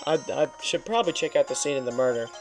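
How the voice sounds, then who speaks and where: A man's voice: medium pitch, expressive, quick pace, faint music behind, close to an everyday voice. Guy reading an earnest young lawyer, asks lots of questions. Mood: questioning.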